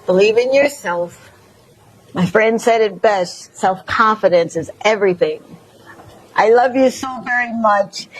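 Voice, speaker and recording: A woman's voice: mid-range voice, unhurried, rough recording. Gushing Mississippi-accented woman host. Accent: Southern US, Mississippi. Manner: effusive and preachy, gushing praise. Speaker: talk show host. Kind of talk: emotional, encouraging chat show closing.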